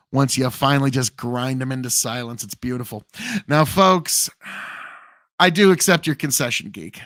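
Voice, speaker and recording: A man's voice: mid-range voice, unhurried, pauses often, a bit bright, no echo. A male debate show host arguing in a combative, sarcastic way.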